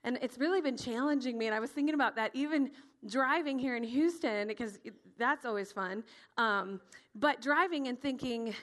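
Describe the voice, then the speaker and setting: A middle-aged woman teaching adults how to tell Bible stories to children, in an animated style that acts out the quotes and laughs often. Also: a little high, normal speed. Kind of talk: teaching talk with storytelling.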